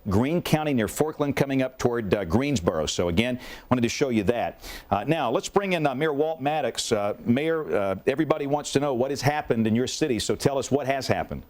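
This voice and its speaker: A man's voice: medium pitch, expressive, brisk, a little mellow. A man working as a TV meteorologist, urgent and folksy, covering tornado warnings and questioning a mayor live. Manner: urgent, folksy, many fillers. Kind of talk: live severe weather coverage.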